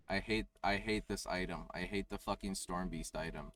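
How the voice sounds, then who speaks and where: A man's voice: deep voice, steady tone, moderate pace, hardly any pauses, fairly bright tone. A young man streaming a game live, chatting with crude, melodramatic, self-mocking humor. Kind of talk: live gameplay stream chat. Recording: distant from the mic with faint noise.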